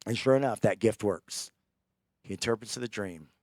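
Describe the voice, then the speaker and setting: A man preaching a sermon, telling a scripture story with animated, acted-out character lines. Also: lowish voice, normal speed, dry recording, clean studio sound.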